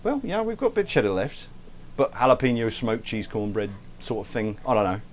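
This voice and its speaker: Very animated and brisk, this medium-pitched male voice belongs to a cooking livestream host who chats while he cooks. He calls out viewers by name to thank them, drops light swears, breaks off mid-sentence frequently, and never drops his unnamed fake accent; there's slight background noise.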